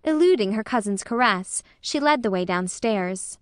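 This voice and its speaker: A woman narrating a classic novel as an audiobook in a measured, expressive way. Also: medium pitch, no room sound, clean studio sound.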